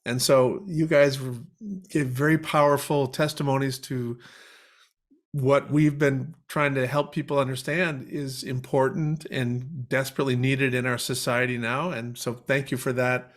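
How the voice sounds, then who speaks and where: A man speaking as guest author on a webinar video call, moved and tearing up, talking haltingly with restarts. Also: medium pitch, little pitch movement. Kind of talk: webinar talk.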